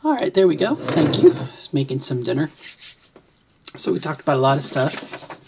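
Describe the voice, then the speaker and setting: A woman's voice: low voice, very animated, moderate pace, creaky, noisy background. A middle-aged woman vlogging at home, casually explaining things to the camera and often correcting herself mid-sentence. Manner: rambling, self-correcting, thinks aloud. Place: home, near the kitchen.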